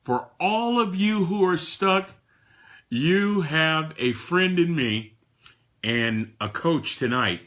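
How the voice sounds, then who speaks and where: A man in his sixties giving a motivational talk to a live audience, emphatic, with frequent repeated words and swings between soft and loud. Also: on the high side, slow. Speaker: motivational speaker.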